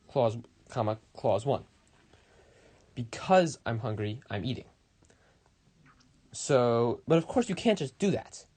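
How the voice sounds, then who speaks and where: A man's voice: medium pitch, a little mellow. A teenage boy presenting a school project as a casual lesson, rambling and informal, with wry jokes and frequent self-corrections. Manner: wry, joking asides.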